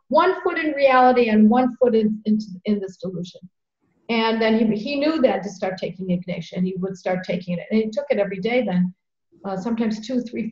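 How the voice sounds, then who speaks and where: Earnest woman host in a roomy, dull-sounding space. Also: medium pitch. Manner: earnest, animated storytelling with repeated phrases. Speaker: podcast host. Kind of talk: conversational storytelling.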